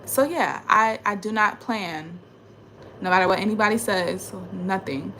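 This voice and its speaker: A woman's voice: mid-range voice, measured pace, bright, forceful tone, slight background noise. A young adult woman vlogging from home into a phone camera, talking in an emphatic, repetitive, frustrated rant about spiritual matters. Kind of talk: ranting spiritual vlog monologue. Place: at home indoors.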